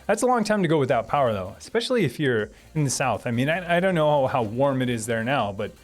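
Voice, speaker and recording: A man's voice: mid-range voice, very animated, fast talker. A man hosting a live stream from his home setup, chatting casually, reading viewer comments and thanking them with frequent laughs.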